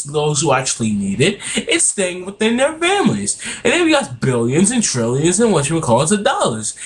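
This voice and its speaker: A young man in a heated, profane political rant, recorded on a webcam at home. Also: sits high. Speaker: vlogger. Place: home room.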